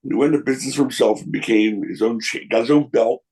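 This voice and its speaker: In a rough recording, an older ex-wrestling promoter fires off candid anecdotes in an interview, doing voices for those he quotes. His mid-range voice is fast, husky and darkish in tone.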